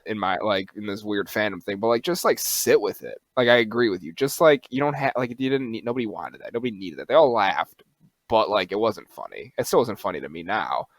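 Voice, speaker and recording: A young man co-hosting a podcast, chatting casually, animated and quick to swear and laugh. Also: lowish voice, dry recording. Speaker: podcast co-host. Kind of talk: casual chat.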